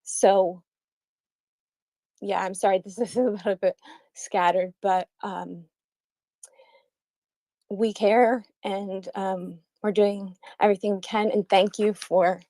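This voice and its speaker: American woman caller, super slow, halting and apologetic, sighs a lot, dry close sound. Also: medium pitch, fairly even intonation, dark tone, dry recording. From United States. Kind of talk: casual chat in a live audio room.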